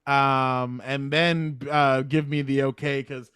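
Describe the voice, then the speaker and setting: A Latino American man in his thirties co-hosts a podcast, chatting casually, rambling, and laughing easily. His mid-range voice is slow and level, a bit bright and clean, recorded in studio quality with no echo.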